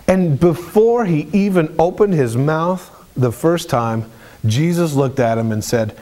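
A man preaching a sermon in an animated, storytelling way, with colloquial asides and frequent restarts. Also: fairly high pitch, unhurried.

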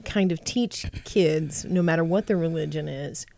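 A woman's voice: deep voice, normal speed, creaky, warm tone, dry recording. A woman hosting a podcast, casually summing up and steering the talk. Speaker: podcast host. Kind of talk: casual chat.

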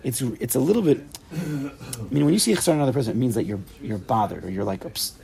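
A man teaching an informal Torah study class, animated, repeating himself and restarting sentences, mixing in Hebrew and Yiddish terms. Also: mid-range voice, racing, vocal fry. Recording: recorded in a study room for a tape.

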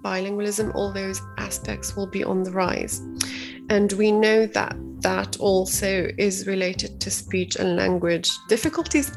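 A woman researcher talks through her work in an earnest, explanatory way, catching and restarting words as her thoughts run ahead. Her voice has a gravelly edge, and faint music plays softly underneath. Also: mid-range voice. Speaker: university researcher. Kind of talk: explaining research in an interview clip.

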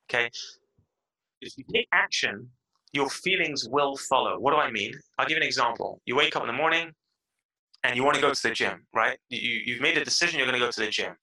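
Middle-aged male guest, very bright tone, lively swings in pitch, motivational. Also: poor audio. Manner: animated, acts out excited inner voices. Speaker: podcast guest. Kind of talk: motivational interview talk.

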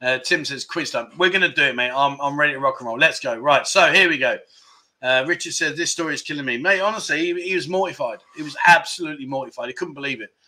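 A man's voice: fairly high pitch, fast talker, bright, forceful tone. A middle-aged man from England hosting a casual livestream, chatting, telling stories and reading viewer comments aloud. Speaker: livestream host.

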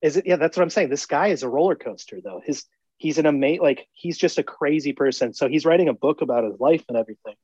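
A man's voice: a little high, animated, quick pace, a little mellow, breathy edge, dry recording. A man co-hosting a podcast, telling rambling stories and quoting people in casual chat. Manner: rambling storyteller, quotes people. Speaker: podcast co-host. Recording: dry, dull lo-fi sound.

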